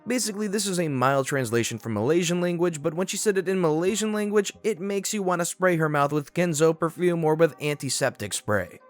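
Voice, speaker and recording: A man's voice: on the high side, expressive, a little fast, few pauses, faint music behind. A man reading a first-person story aloud in a scripted storytime narration.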